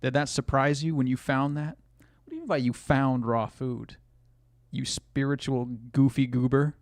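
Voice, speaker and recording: A man's voice: mid-range voice, normal speed, darkish tone, no echo, clean studio sound. A man streaming live, reacting to videos with crude, joking commentary and reading chat aloud.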